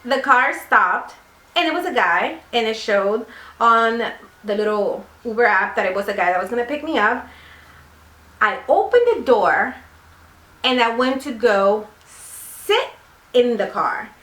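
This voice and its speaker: A woman's voice: on the high side, expressive, measured pace, fairly bright tone. A woman vlogger telling a casual story in a chatty, rambling way, full of fillers. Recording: roomy echo.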